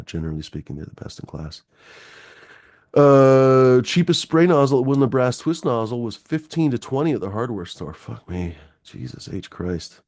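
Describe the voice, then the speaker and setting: A man's voice: on the low side, a little mellow, no echo, clean studio sound. A middle-aged man hosting a call-in show, ranting about politics in a profane, rambling, sarcastic way. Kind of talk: casual political rant.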